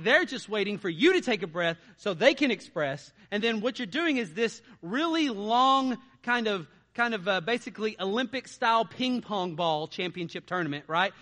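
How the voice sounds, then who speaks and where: Man, preacher, high voice, bright tone, animated, rhetorical questions. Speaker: pastor. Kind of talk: sermon.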